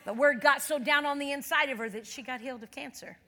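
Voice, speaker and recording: A woman guest minister preaching a sermon, telling a story with acted quotes and building to loud, fervent declarations. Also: high voice, fast talker, big-room sound, slight background noise.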